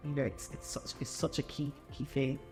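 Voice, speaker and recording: Low-pitched woman hosting an interview, lots of mm-hmms and ums, roomy echo, faint music behind. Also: level tone, fairly quick. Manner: affirming, many fillers and restarts. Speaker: interviewer and event host. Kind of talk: warm conversational interview.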